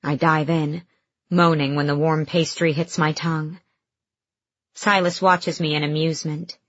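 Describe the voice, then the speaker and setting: A woman narrating an audiobook in the first person with lively, expressive storytelling. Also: low voice, measured pace, no echo. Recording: dull dry studio recording.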